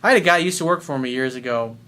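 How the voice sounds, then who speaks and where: A man's voice: mid-range voice, racing, sharp tone. A man coaching on dating in a casual monologue, blunt and emphatic, swearing freely as he reads and answers a viewer's message.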